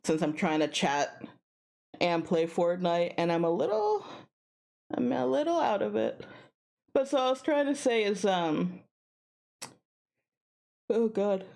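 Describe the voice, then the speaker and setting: A tired woman streaming a video game from home, chatting casually and rambling between bursts of excited yelling. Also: medium pitch, slow, creaky, pauses often. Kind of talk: casual gaming stream chat.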